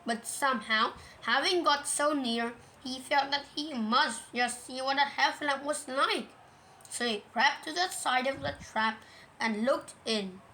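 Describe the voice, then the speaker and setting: High-voiced woman reading a storybook. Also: a little slow, pushed and bright, slight background noise, rough recording. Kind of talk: storybook read-aloud.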